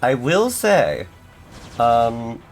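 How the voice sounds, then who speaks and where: Slow, rambling male streamer. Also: medium pitch, huge pitch swings, faint music behind. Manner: rambling, self-deprecating, lots of fillers and restarts. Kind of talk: casual gaming stream chat.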